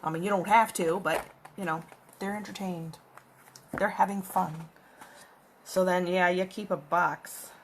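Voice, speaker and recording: With a fairly low pitch and steady tone, this makeup vlogger speaks a little slowly, leaving long pauses, and there's slight background noise. She rambles chattily while doing her makeup at home with her cat, filmed on a phone camera.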